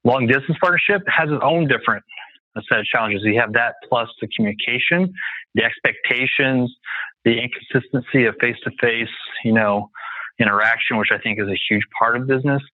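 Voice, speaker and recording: A man's voice: mid-range voice, a little fast, dry recording. Guy on a thin dry phone line, sure of himself, stacks his points in lists. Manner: confident, emphatic, repeats points in lists. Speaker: guest real estate investor. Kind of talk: casual podcast interview.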